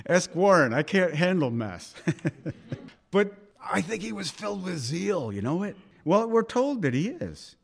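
A middle-aged male pastor preaching a sermon, swinging between loud urging and hushed asides and acting out the voices he quotes. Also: sits high, sing-song, measured pace, vocal fry.

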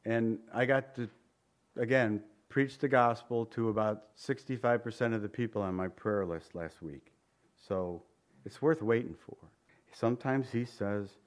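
A middle-aged man preaching a sermon, animated, jumping to high pleading voices for prayers and dropping low and soft for asides. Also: moderate pace.

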